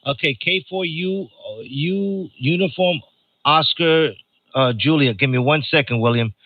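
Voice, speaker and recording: A man's voice: fairly high pitch, a little slow, phone-quality sound. An older man from New York hosting a ham radio net in chatty, joking casual talk, reading out call signs. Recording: noisy radio transmission.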